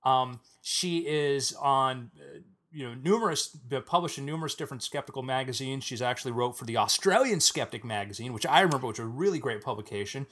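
A man hosting a podcast, introducing guests in loose, halting casual chat and laughing often. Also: medium pitch, expressive, fairly bright tone. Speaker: podcast host.

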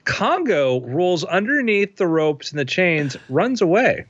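A man's voice: high voice, big pitch swings, a little slow, no echo, highs cut off. A man narrating a tabletop game as game master, playful and vivid, with sound effects.

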